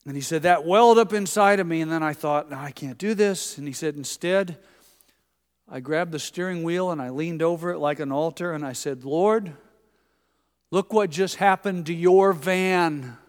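A man's voice: on the high side, brisk, clean tone. A man preaching a sermon, telling folksy stories and acting out the people he quotes. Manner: folksy, anecdotal, acts out quoted voices. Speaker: pastor. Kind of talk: sermon with storytelling. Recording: long hall reverb.

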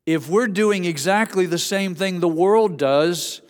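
A man's voice: high voice, a little slow. A man preaching a sermon as a pastor, telling folksy stories between scripture. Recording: long hall reverb.

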